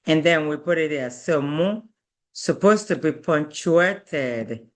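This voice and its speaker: A woman with an Igbo accent teaching a language lesson, slowly repeating words for her students to learn. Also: deep voice, lively intonation. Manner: slow and deliberate, repeating words for drill. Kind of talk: slow classroom teaching.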